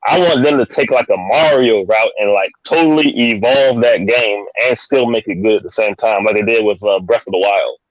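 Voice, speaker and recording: A man co-hosting a podcast in casual chat, relaxed and talking in repeated short phrases. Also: on the low side, moderate pace, hardly any pauses, no room sound, low-quality recording. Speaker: podcast co-host.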